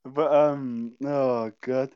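A man's voice: mid-range voice, fairly even intonation, drawn-out words, clear, resonant tone. A young man telling school stories in casual chat, acting out the voices he quotes and swearing freely. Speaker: guest, childhood friend. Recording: dull lo-fi sound.

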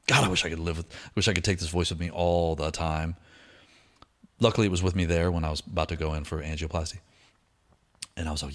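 A middle-aged man telling a personal story in a casual, slangy way, switching into lively voices for the people he quotes. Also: sits low, fast. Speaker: speaker sharing a recovery story.

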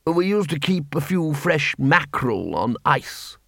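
A man narrating an audiobook in a measured, even storytelling manner. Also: fairly high pitch, creaky, dry recording, studio quality. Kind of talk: scripted narration.

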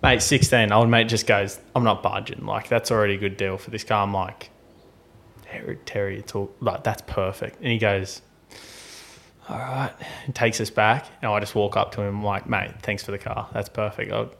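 A man's voice: on the low side, normal speed, creaky. A young Australian man co-hosting a podcast, telling a story in casual chat and acting out what people said. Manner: animated storyteller acting out quotes. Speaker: podcast co-host.

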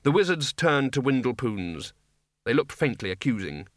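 A man narrating a comic fantasy novel for an audiobook, with a wry, dry delivery. His voice is animated and bright, recorded close in a dead, dry booth. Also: mid-range voice, normal speed, no echo. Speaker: audiobook reader.

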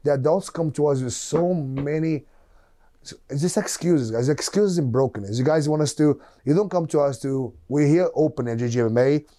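A man's voice: on the high side, dark tone. A man, a martial arts coach co-hosting a podcast, who talks in emphatic, repetitive, run-on phrases. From Brazil. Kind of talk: casual chat.

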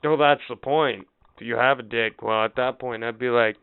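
A man co-hosting a podcast, telling stories in casual chat, animated and profane, acting out what others said. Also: medium pitch, fairly quick, creaky, few pauses, slight background noise. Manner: animated, profane, acts out quotes. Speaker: podcast co-host. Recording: tinny phone-like sound.

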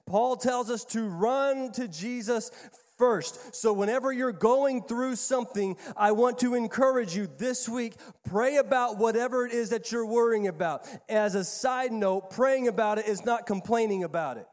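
Emphatic higher-voiced man preaching. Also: moderate pace, few pauses, long reverb tail. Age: 30s. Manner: emphatic, repeats key phrases, swings between quiet and loud. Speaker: pastor. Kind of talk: sermon.

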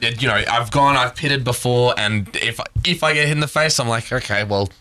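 A man's voice: medium pitch, fairly quick, sharp tone, a little hiss or hum. A man in casual podcast chat, joking and teasing, laughing often.

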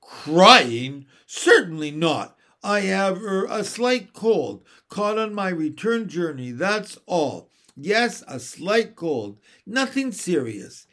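A perky, cheeky old starling from a storybook, shrill and wheedling, as a male reader puts him on. The bird chirps high and chatty, with a soft coaxing edge. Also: very animated, slow pace, exaggerated voice. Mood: indignant.

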